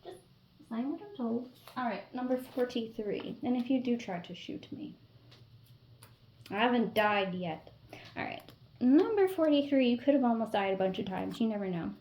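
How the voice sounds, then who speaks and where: A woman's voice: on the high side, expressive, moderate pace, echoey room, highs cut off, slight background noise. A woman giving a casual, playful tarot-style reading to her viewers, with teasing asides. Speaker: tarot reader.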